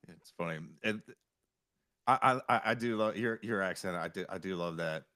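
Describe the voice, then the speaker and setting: A man hosting a podcast, chatting casually with halting restarts and frequent laughs. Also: low-pitched, bright, forceful tone, dry recording, studio quality. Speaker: podcast host.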